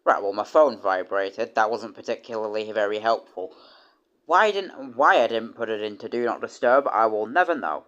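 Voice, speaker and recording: A man's voice: on the low side, expressive, normal speed, a bit bright. A young British man streaming, chatting casually and rambling with many restarts and casual swearing. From United Kingdom. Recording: dull lo-fi stream audio.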